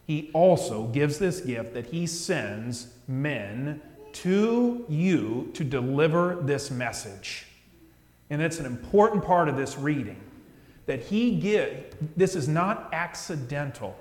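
Earnest pastor preaching in an echoey church. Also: male voice, fairly high pitch, lively intonation, takes it slowly. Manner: earnest, direct preaching that drops to soft hushed phrases. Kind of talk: sermon. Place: church sanctuary. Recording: echoey church with long reverb.

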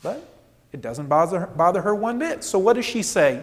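A man preaching a sermon as pastor, animated, asking rhetorical questions and acting out the people in the story. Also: high-pitched, moderate pace, big-room sound. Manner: animated, rhetorical questions, acts out quoted voices.

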